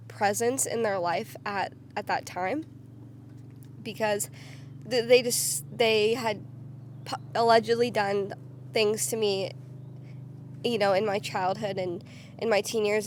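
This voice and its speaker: A young woman telling her own story to the camera in a casual, candid way, full of "like" and quick restarts. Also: mid-range voice, a little hiss or hum. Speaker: vlogger.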